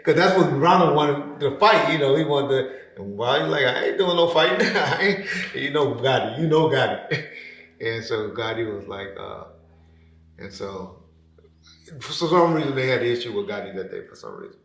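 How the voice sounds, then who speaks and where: Man, animated storyteller, mid-pitched voice, echoey room sound. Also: moderate pace. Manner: animated, acts out quoted voices with loud high bursts. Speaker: podcast guest telling a story. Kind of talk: casual storytelling. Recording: roomy echo.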